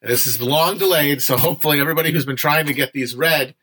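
A man's voice: a little high, fast, bright, forceful tone. A young man hosting a casual livestream book discussion, chatty and digressive, with frequent fillers and some swearing.

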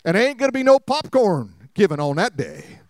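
A man voicing a preacher with a big, deep Southern accent, giving an ominous, folksy warning. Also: sing-song, brisk, darkish tone, no echo, clean studio sound.

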